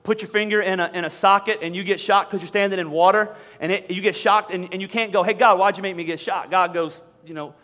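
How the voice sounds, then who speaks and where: A man's voice: high voice, fairly even intonation, fast, few pauses, fairly bright tone. A man preaching a sermon to a church audience, talking conversationally with frequent repeated words and humorous asides. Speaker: pastor. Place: large church auditorium. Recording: long hall reverb.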